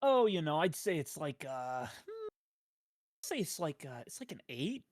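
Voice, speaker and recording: Soft-spoken man on voice chat. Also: on the high side, huge pitch swings, measured pace, no room sound, clean studio sound. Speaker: co-host. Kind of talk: casual live-stream chat. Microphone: headset or desk mic over voice chat.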